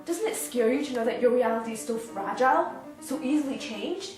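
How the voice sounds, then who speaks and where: A woman's voice: a little high, lively intonation, fairly quick, a little mellow, natural voice. Woman playing a lecturing philosophical father. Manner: earnest, lecturing. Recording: echoey room, far mic, faint music.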